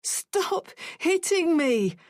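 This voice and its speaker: A woman's voice: very high-pitched, big pitch swings, very slow, darkish tone, no echo, clean studio sound, pitched above the performer's own voice, heavily acted. A woman voicing a small, frightened boy who whimpers and sobs through his pleas. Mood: crying.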